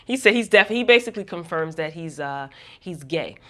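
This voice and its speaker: A woman's voice: lowish voice, animated, normal speed, pushed and bright. A woman vlogger recapping a TV episode in a casual, gossipy way, talking straight to her viewers.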